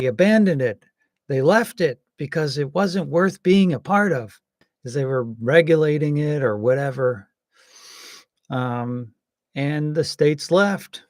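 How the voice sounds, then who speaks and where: A man giving casual, rambling political commentary, hesitant with many pauses and some wry jokes. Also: on the high side, darkish tone, no echo, clean studio sound. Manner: wry and joking.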